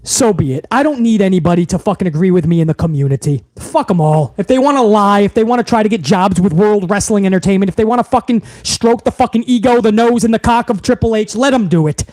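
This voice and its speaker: A young man with a high-pitched voice rants on a live wrestling podcast stream, heated and profane. He reads viewer messages aloud between outbursts. The sound is very dry and close to a desk mic. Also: quick pace, hardly any pauses, darkish tone, no room sound.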